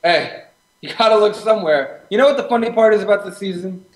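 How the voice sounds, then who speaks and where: A man's voice: high voice, fast, roomy sound, poor audio. A man co-hosting a casual sports talk show, arguing his points emphatically and getting worked up. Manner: argumentative, gets worked up and emphatic. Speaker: co-host. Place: studio or room with live stream setup.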